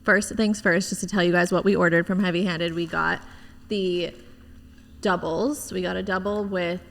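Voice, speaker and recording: A young woman hosts a casual podcast chat, bubbly and full of "like". Her voice has a gravelly fry at the edges, and a long reverb trails after her words. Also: on the low side, fairly even intonation, normal speed, a bit bright, slight background noise. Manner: bubbly, enthusiastic, says "like" often. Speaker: podcast host.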